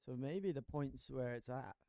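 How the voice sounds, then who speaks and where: Mellow easygoing man asking questions. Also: medium pitch, measured pace, no room sound. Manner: asks the others questions, easygoing. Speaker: co-commentator. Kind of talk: casual sports commentary.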